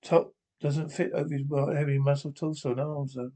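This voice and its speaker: A man reading a TV episode aloud with descriptions, halting and restarting often. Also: fairly high pitch, little pitch movement, dark tone.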